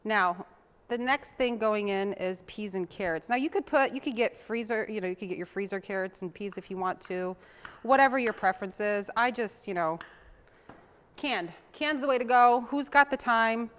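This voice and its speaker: A woman hosts a home cooking show and chats warmly to the viewers as she chops. Her pitch sits in the middle of the range, and the talk is loose and homey. She turns away from the mic now and then while she works. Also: moderate pace. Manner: chatty and homey, talks to viewers while chopping. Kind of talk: casual cooking demonstration.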